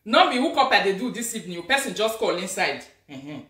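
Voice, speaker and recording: A woman with a Nigerian accent hosting a live video as a social media influencer, talking in an animated, scolding, emphatic way. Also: mid-range voice, a little fast, distant mic. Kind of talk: casual live-stream rant. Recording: echoey room, away from the mic.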